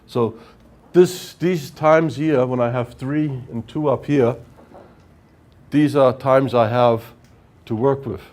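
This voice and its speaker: A man's voice: mid-range voice, slow, a little mellow. A man giving a workshop lecture on project management, explaining step by step and often checking with "right?". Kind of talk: technical lecture at whiteboard.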